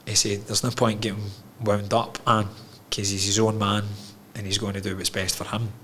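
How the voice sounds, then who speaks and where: A man's voice: lowish voice, level tone, normal speed, fairly bright tone, a little hiss or hum. A man, a podcast guest telling his own story candidly, frank and emotional, swearing freely.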